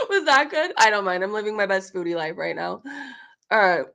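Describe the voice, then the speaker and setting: A woman's voice: medium pitch, very animated, brisk, creaky, a bit bright. A woman hosting a casual livestream, chatting to her viewers and laughing often. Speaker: livestream host.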